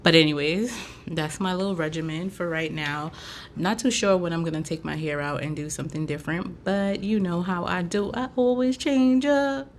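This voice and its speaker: A woman's voice: fairly low pitch, normal speed, slight background noise. A woman from Haiti hosting a casual chat show, talking loosely with lots of fillers. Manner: chatty, loose, full of fillers. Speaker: podcast host and braider.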